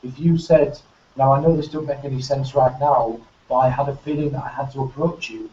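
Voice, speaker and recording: A man's voice: mid-range voice, fairly even intonation, fairly quick, mellow. A man hosting, adding his ideas thoughtfully in long sentences during a casual discussion over a video call. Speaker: host. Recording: dull, roomy, distant sound with faint noise.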